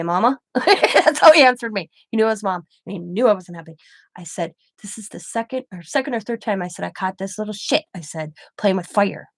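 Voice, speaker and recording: A middle-aged woman telling a story in a casual, blunt and animated way, acting out the people she quotes. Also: a little high, dry recording. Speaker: crafting channel host.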